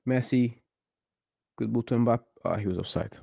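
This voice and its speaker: A man's voice: medium pitch, moderate pace, creaky, dark tone, no echo. A man hosting a football watchalong, chatting casually and giving opinionated commentary on the match. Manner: chatty, opinionated, thinks aloud with restarts.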